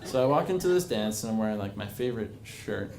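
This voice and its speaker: A man's voice: fairly low pitch, expressive, fast talker, darkish tone. A man in his twenties telling a personal story to a live bar audience, rambling and self-mocking, with many fillers. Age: 20s. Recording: echoey bar with crowd noise.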